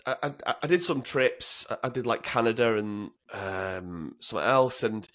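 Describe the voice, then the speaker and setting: A man's voice: mid-range voice, moderate pace, a bit bright. A man, telling frank, swear-laden stories as an interview guest, often repeating words as he starts. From Northern England. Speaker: guest, former commando. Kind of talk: casual interview storytelling.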